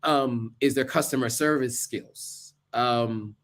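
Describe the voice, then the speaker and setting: A man's voice: medium pitch, slow pace, a bit bright. A man giving earnest, casual advice to camera, listing tips with asides along the way. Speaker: vlogger.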